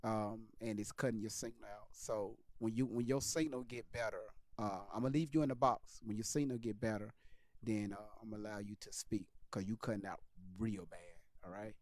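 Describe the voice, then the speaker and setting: A man's voice: fairly low pitch, fairly even intonation, brisk, a little mellow, no room sound. Man hosting a casual livestream. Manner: loose, repetitive, talks over guests. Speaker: livestream host.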